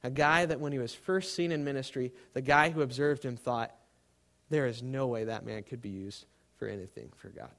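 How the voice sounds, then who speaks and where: A man preaching a sermon to a live congregation, swinging between loud emphasis and hushed, quiet tones. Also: mid-range voice, normal speed, vocal fry.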